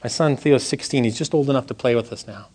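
A man's voice: medium pitch, quick pace, husky. Earnest man telling a church testimony. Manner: earnest storytelling, drops to hushed tones. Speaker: church speaker sharing a testimony. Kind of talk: sermon testimony.

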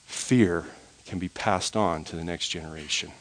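A man preaching a sermon, swinging between soft, quiet passages and loud, high, forceful ones. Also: normal speed. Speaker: pastor.

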